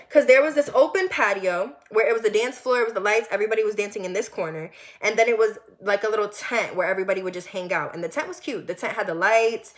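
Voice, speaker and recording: A young woman telling a personal story in a vlog, animated and repetitive, with lots of swearing. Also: medium pitch. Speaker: vlogger.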